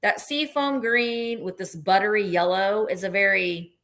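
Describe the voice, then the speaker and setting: Bright, chatty woman selling live. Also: mid-range voice, unhurried. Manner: chatty and rambling, counting down bids. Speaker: live sale host. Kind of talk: live online sales chat.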